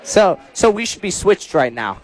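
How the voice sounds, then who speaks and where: A man's voice: high-pitched, very animated, moderate pace. A young man co-hosting a sports show, chatting casually and stumbling over repeated words. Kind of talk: casual on-air banter.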